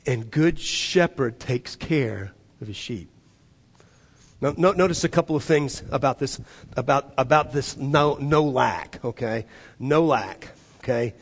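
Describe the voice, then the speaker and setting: A male pastor preaching a sermon to his church and leading the congregation in call-and-response, moving between loud emphatic passages and hushed, soft ones. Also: mid-range voice, unhurried, husky. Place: church sanctuary. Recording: long hall reverb.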